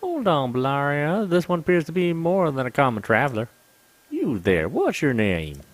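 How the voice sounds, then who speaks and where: A man's voice: fairly high pitch, wildly swooping pitch, normal speed. A proud young chief of a desert people gives orders in a raised, carrying voice, as a man puts her on. She speaks formally and imperiously, like royalty addressing a stranger in a game. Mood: commanding. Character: young female desert chief, regal and commanding.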